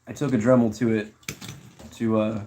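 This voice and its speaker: A man's voice: lowish voice, level tone, moderate pace, warm tone, slight background noise. A young man casually chatting on a live stream, reading chat messages aloud and answering them in a laid-back way.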